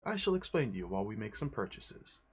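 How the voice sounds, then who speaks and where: A man's voice: lowish voice, sing-song, fast, slightly rough. A man voicing a proud, mysterious young noblewoman sorceress in a thin, raised voice. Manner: thin hesitant voice.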